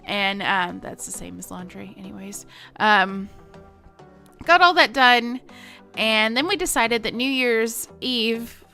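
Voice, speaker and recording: Bright, rambling young Southern woman. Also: fairly high pitch, slow pace, vocal fry, soft background music. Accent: Southern American. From Missouri. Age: 20s. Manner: rambling and self-mocking, lots of fillers and laughs. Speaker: gaming vlogger. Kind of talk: casual chat over gameplay.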